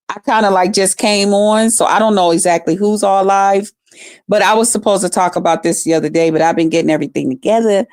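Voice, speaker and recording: A woman's voice: medium pitch, darkish tone. A woman ranting profanely on a livestream, cursing heavily and trash-talking as she repeats herself. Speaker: livestream host.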